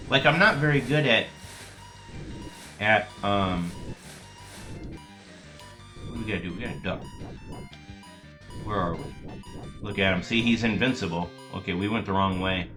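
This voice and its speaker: Guy rambling over a retro game, jokey, bright voice, faint game music behind. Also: fairly low pitch, measured pace, pauses often. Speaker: gaming channel host. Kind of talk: casual gameplay commentary.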